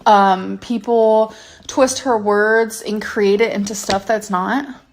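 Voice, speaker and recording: Slow, heated woman ranting. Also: medium pitch, fairly even intonation, soft background music. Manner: angry, profane, emphatic rant. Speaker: YouTuber.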